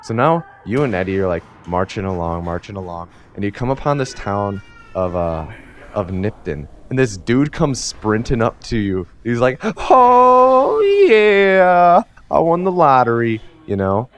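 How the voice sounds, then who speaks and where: A man tells a rambling, comedic recap of a video game from memory, full of fillers and casual swearing. His voice is fairly low in pitch, and he sounds animated at a normal speed.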